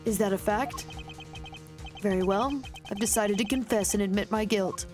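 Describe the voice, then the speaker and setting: Woman reading an arrogant old ambassador baddie, mid-pitched, game music underneath. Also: normal speed, lightly acted. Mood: smug. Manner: condescending, calls his accuser boy. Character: smug arrogant older male ambassador villain.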